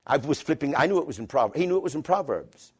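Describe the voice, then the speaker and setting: Male preacher, sermon to a church congregation, fairly high voice, very animated pitch, emphatic with sudden loud peaks. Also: quick pace, breathy edge. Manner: emphatic, swinging from quiet to loud.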